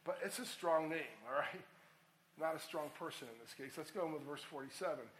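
A man's voice: on the high side, fairly quick, fairly bright tone, roomy sound, a little hiss or hum, low-quality recording. A man preaching a sermon as a pastor, earnest and rising to emphatic appeals.

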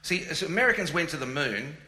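Bright, playful Australian man. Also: on the high side, fast, echoey room, rough recording. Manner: animated, teasing, playful. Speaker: guest speaker. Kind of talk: joking stage chat.

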